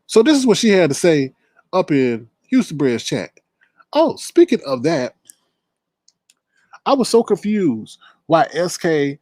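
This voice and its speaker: A man's voice: on the high side, darkish tone, dry recording. Opinionated man hosting a live-stream. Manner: chatty, opinionated, quick to laugh. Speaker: host.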